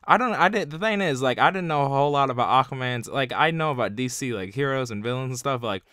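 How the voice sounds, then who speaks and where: A man's voice: mid-range voice, lively intonation, fast talker, sharp tone, smooth, dry recording, studio quality. A young man giving a casual spoken review, rambling with constant filler words. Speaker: video reviewer.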